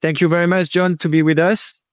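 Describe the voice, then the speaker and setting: A man opening a podcast as host, hesitant and pausing between phrases. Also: high voice, flat delivery, no echo, studio quality. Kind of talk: podcast introduction.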